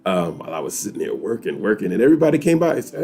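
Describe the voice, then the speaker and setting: A man from New York, hosting a weekly chat and telling a story to viewers in a lively, laughing way. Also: lowish voice, very fast. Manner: animated, laughing, talks straight to viewers.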